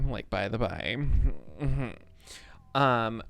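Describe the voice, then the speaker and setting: A man's voice: mid-range voice, slow, creaky, a bit bright, smooth. A man streaming a game and chatting casually in a rambling, candid way, full of fillers and restarts. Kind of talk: casual chat while streaming.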